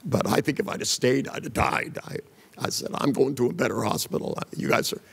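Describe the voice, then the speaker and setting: Fairly quick, gravelly and husky, this older man's mid-range voice carries a long reverb tail. He gives a seminar talk packed with blunt, jesting anecdotes, doing the voices of the figures he describes.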